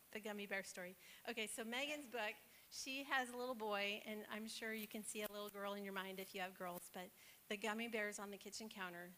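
A woman speaks at an everyday pitch in an informal devotional talk, encouraging and chatty, often pausing on fillers. A faint hiss sits behind her voice. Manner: warm, encouraging, conversational, with many fillers.

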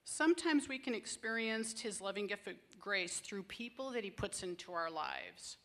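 A woman's voice: medium pitch, big pitch swings, moderate pace, fairly bright tone. A woman speaking to a group of women about grace, telling a personal story in an earnest, conversational and emotional way. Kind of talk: personal testimony talk.

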